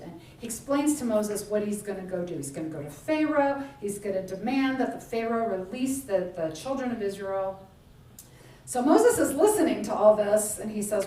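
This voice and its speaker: A woman's voice: medium pitch, expressive, normal speed, warm tone. A woman giving a sermon in a conversational storytelling way, often tossing in "right?" and "like". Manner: conversational storytelling, frequent 'right?' and 'like'. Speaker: minister. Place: church sanctuary. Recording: echoey church room, speaker far from the mic.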